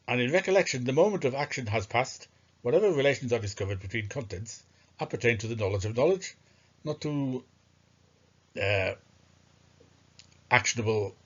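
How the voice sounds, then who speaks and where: A man's voice: mid-range voice, breathy edge. A man giving discursive, scornful commentary on philosophy, thinking aloud with hesitations. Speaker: philosophy video narrator. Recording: muffled lo-fi recording.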